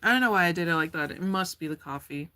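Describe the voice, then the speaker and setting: A woman's voice: lowish voice, quick pace, bright, forceful tone. A woman giving a casual tarot card reading, chatty and slangy, going off on tangents. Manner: chatty, slangy, laughs easily and goes off on tangents.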